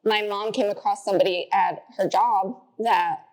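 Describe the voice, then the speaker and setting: A young woman in her twenties, a podcast guest telling stories in a chatty way, filling her talk with "like" and jumping higher when she quotes people. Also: fairly even intonation, normal speed. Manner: chatty, says "like" often, acts out quotes in a high voice. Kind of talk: casual interview storytelling.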